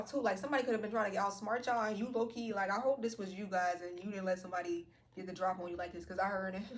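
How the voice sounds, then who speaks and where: Fast-talking woman giving a tarot reading. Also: mid-range voice. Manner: slangy, profane, playful. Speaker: tarot card reader. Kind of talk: casual tarot reading to viewers.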